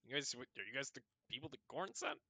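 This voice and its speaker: A man's voice: mid-range voice, sing-song, fast, pushed and bright, dry recording, full character voice. A man voicing a forgetful, friendly reanimated male skeleton who rambles and hesitates. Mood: rambling.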